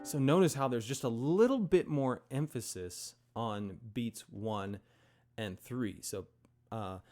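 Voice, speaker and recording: A man's voice: mid-range voice, slow. A man giving a piano lesson, counting beats and singing rhythms in an easy, chatty way. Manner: relaxed, with many fillers and check-ins. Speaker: piano teacher. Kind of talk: casual instruction. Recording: loud piano alongside the voice. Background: piano playing.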